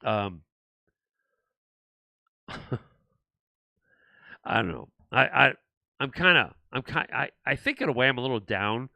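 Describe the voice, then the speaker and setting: A man's voice: medium pitch, lively intonation, unhurried, vocal fry, long pauses, pushed and bright, dry recording. An older man hosting his own show, rambling and frustrated, with many restarts and repeated words. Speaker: show host. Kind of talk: political talk show monologue.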